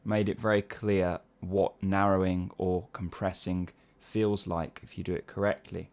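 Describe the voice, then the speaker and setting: Low gravelly-voiced male singing teacher. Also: flat delivery, measured pace, hardly any pauses, darkish tone. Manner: explains patiently, often checks in with "yeah?"; breaks into short sung syllable exercises. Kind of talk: spoken vocal lesson with sung demonstrations.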